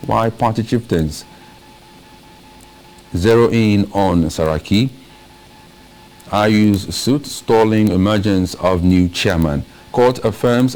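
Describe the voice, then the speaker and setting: A man's voice: deep voice, darkish tone, low-quality recording. A man hosting a morning newspaper review in a broadcast studio, reading headlines in short bursts and laughing easily with his co-host.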